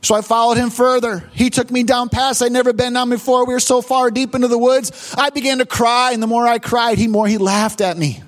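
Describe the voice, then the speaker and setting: A pastor with a strikingly high-pitched voice delivers a sermon. He tells a personal story with halting repetitions and rising emotion, then turns it toward his congregation. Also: flat delivery. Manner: emotional, repetitive stammering retelling.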